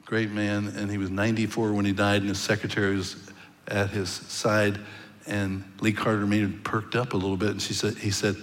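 Male preacher, lowish voice, conversational storyteller, long hall reverb. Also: fairly even intonation, moderate pace, fairly bright tone. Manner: storytelling, conversational with occasional stammered restarts. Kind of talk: sermon.

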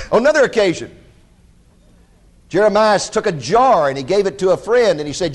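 A man with a fairly high voice preaches a sermon in a lively storytelling manner. He acts out the quoted lines and points his listeners to scripture passages. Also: fairly quick. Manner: animated storytelling with dramatized quotes.

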